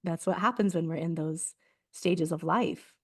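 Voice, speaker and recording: A woman's voice: lowish voice, a little slow, a little mellow. A woman hosting a casual spiritual conversation, reflective and given to frequent laughter. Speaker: podcast host.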